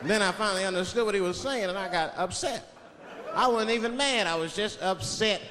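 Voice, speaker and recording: A man performing a stand-up routine, telling an animated story and acting out the quotes. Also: high-pitched, brisk. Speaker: stand-up comedian. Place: comedy stage before a live audience. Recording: live stage with reverb and noisy crowd.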